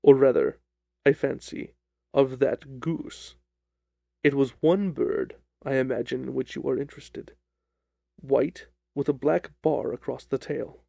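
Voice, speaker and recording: Brief: composed, ironic sleuth, gravelly and dark in tone, dry close recording, read by a man. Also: medium pitch, fairly even intonation, dry recording. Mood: sly. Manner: measured, dryly ironic. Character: calm, sly, confident male detective. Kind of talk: audiobook reading of a detective story.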